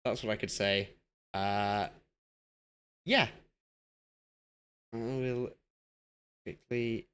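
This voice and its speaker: A man's voice: fairly low pitch, steady tone, very slow, pauses often, a bit bright, clear, resonant tone. A young man from Yorkshire chatting casually while live-streaming a football management game and reading chat aloud. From Yorkshire, England.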